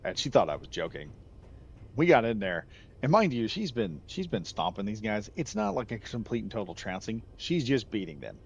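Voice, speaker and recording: A middle-aged gaming channel host tells a casual, rambling story, correcting himself and laughing at his own jokes. His fairly low, gravelly voice is sing-song at a moderate pace; the recording is slightly muffled with faint background noise.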